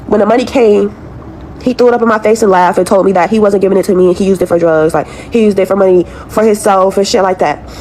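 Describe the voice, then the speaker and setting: A woman's voice: medium pitch, fairly even intonation, quick pace, darkish tone, a little hiss or hum. A young woman venting a profane, exasperated rant to her followers, repeating herself as she talks about her struggles. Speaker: woman in a viral video clip.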